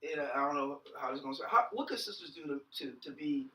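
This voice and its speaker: High-voiced man, far echoey mic. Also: animated, quick pace, pushed and bright. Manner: questioning, hesitant restarts. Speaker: podcast co-host. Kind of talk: casual chat. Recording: distant roomy mic with faint noise.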